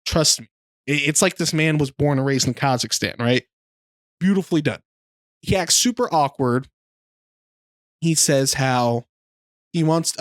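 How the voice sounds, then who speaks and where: A man's voice: a little high, a little slow, pauses often, no echo, studio quality. A young man co-hosting a podcast, casually retelling a film scene with lots of fillers. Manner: rambling storyteller, lots of fillers. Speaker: podcast co-host.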